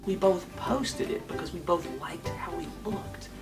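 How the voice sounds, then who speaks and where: A woman's voice: on the low side, unhurried, far from the mic, faint music behind. A woman teasing a friend in casual banter, dry and joking.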